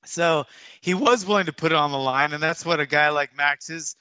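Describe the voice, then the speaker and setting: A martial arts coach from Hawaii in his fifties tells stories in a casual interview, rambling with many restarts and fillers. His voice is on the high side, sharp, clear and resonant at a moderate pace with no echo, though the recording sounds dull, dry and lo-fi.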